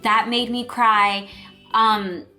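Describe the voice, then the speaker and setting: A woman's voice: fairly high pitch, flat delivery, extremely slow, sharp tone, faint music behind. A young woman telling her birth story as a vlogger, chatty and emotional, with lots of fillers. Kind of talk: personal storytelling vlog.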